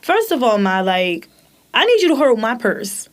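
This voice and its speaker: Woman in her thirties, podcast co-host, casual chat, animated, swears a lot, fairly high voice. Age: 30s. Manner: animated storyteller, profane, quick to laugh.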